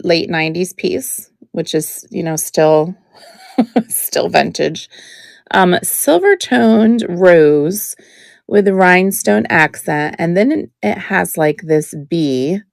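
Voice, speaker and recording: A woman hosting a live jewelry auction stream, chatting in a relaxed way as she describes each piece, with many ums. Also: on the low side, vocal fry, no echo.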